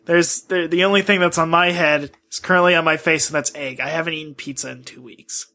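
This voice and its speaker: A man's voice: a little high, steady tone, brisk, creaky, pushed and bright. A man in casual podcast chat, teasing and laughing often as he jokes around. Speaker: podcast co-host.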